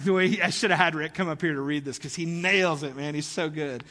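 Guy pastor preaching, chatty and animated, bright voice, lots of hall echo. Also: a little high, fairly quick. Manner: animated, conversational preaching with rising emphasis. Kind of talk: sermon.

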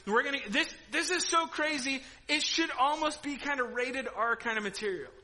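A middle-aged male pastor preaching in a church auditorium, telling a story with animated energy, laughing and breaking into loud outbursts. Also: extremely high pitch, normal speed, low-quality recording. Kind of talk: sermon.

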